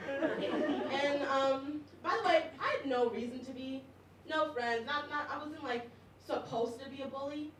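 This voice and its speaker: A woman's voice: sits high, a little slow, crowd noise. A young woman performing a stand-up comedy set, chatty and self-mocking, laughing often between lines. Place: comedy club stage with audience. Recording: echoey room, mic heard from a distance, audience noise.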